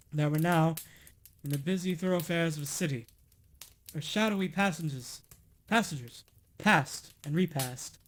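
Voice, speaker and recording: A man reading a classic storybook aloud on a stream, expressive and now and then stumbling and correcting himself. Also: a little high.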